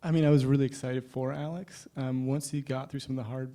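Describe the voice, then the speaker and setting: A man with a gravelly, mellow voice speaks quickly on a festival panel. As a cinematographer, he talks in an excited, casual rush, full of fillers. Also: mid-range voice. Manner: fast and excited, full of "like" and "you know".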